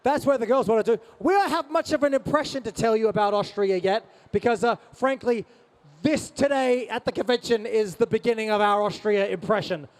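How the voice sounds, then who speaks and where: A man's voice: high-pitched, a little fast. A man answering fan questions on a convention stage, playful and teasing, slipping in Japanese phrases. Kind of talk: lively stage Q&A banter.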